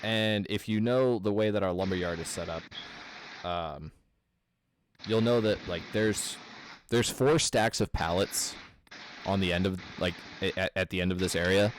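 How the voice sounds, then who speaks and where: A man's voice: low-pitched, a little slow, a little hiss or hum. A young man from the American Midwest telling a podcast story in casual chat, with many fillers and a lot of swearing.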